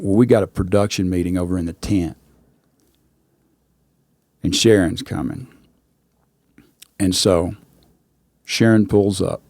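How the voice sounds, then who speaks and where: A man's voice: low voice, vocal fry, darkish tone, no echo, clean studio sound. Man telling a rambling rodeo story. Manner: drawling, rambling anecdote with repeated "I said". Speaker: rodeo announcer and guest. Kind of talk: casual storytelling.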